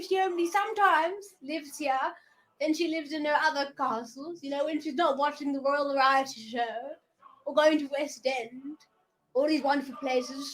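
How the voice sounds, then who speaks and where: A woman's voice: high-pitched, a bit bright. A young woman hosting a children's show while putting on a London-style voice, hammy and theatrical.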